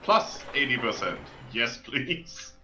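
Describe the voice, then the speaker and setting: A man's voice: medium pitch, very animated, slow. A man co-hosting a strategy game livestream, reacting and exclaiming at what happens on screen. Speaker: co-host of a gaming stream. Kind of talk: casual gaming livestream chat. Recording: game music clearly audible behind.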